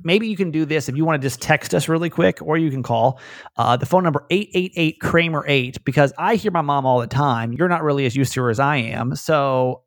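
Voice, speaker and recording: A man's voice: fairly high pitch, dry recording, studio quality. A man hosting a podcast in casual chat, with a light Southern American accent, rambling and laughing easily. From Southern United States. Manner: rambling, chatty, quick laughs. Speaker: podcast host.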